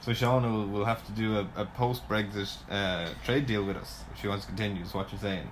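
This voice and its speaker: Lower-voiced young man, dry teasing. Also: steady tone, a little fast, a little hiss or hum. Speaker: podcast co-host. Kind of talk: casual podcast banter.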